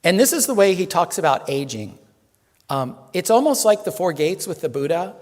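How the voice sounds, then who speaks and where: Higher-voiced reverend in a reverberant hall. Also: male voice, big pitch swings, normal speed. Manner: chatty, joking, many fillers. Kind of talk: casual sermon. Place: temple hall.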